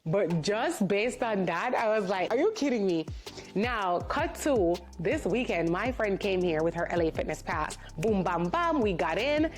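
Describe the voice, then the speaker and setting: A woman's voice: mid-range voice, unhurried, hardly any pauses, faint music behind. A woman vlogger telling a story in a casual, indignant way, acting out the people in it. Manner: animated, indignant retelling with quoted voices.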